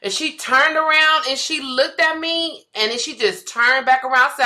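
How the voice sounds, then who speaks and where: A woman with a bright, somewhat high voice chats on a podcast. She tells animated stories, laughs often and acts out the lines of the people in them. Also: normal speed, few pauses. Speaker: podcast co-host, comedian. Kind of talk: casual chat.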